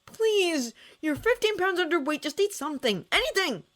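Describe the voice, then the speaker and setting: Woman voicing a desperate, high-pitched pleading young man. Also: big pitch swings, normal speed, fairly bright tone, full character voice. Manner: desperate, begging.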